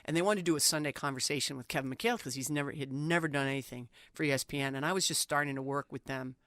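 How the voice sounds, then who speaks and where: A middle-aged woman sportswriter, an animated storyteller, talking casually as an interview guest. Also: a bass voice, no room sound, clean studio sound. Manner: animated storyteller, quick and talkative.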